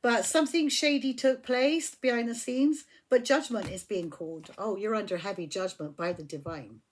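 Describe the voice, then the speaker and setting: A woman's voice: medium pitch, normal speed, slight background noise. A woman giving a casual tarot reading, blunt and emphatic, swearing when riled. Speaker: tarot reader.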